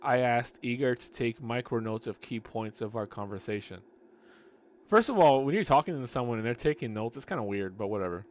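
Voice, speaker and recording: A man reads a book aloud in a casual, unpolished way, stopping often for sarcastic commentary. His voice is mid-pitched and ordinary. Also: brisk, hardly any pauses. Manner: sarcastic asides, frequent restarts. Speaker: audiobook reader and commentator.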